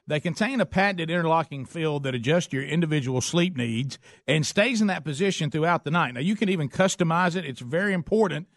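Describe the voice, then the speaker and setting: A man's voice: on the high side, expressive, a little fast, hardly any pauses, dry recording, studio quality. A man hosting a radio talk show, reading sponsor ads in an upbeat, folksy way. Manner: upbeat, folksy salesman patter. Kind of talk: live-read radio ad and talk. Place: radio studio.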